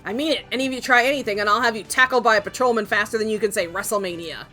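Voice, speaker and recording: A woman voicing a gruff, impatient male police detective in a game, curt and scolding. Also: fairly high pitch, racing, pushed and bright, faint music behind. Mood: scornful.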